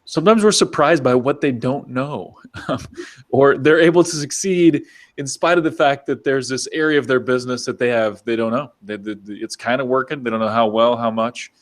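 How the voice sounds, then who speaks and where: At a moderate pace and medium pitch, a man hosts a business interview podcast with upbeat, chatty enthusiasm. He frequently restarts what he's saying.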